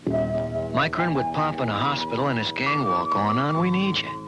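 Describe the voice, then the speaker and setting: An actor voicing a tough, streetwise mob lieutenant in a 1970s cartoon. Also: male voice, medium pitch, big pitch swings, normal speed, natural voice, poor audio. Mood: blunt. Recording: cartoon soundtrack with loud music.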